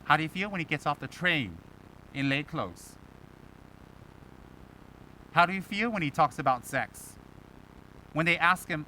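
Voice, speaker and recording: A man, a Buddhist teacher, giving an animated dharma talk, mimicking his students' voices and dropping low and soft for his key points. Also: normal speed, long pauses, a little hiss or hum, low-quality recording.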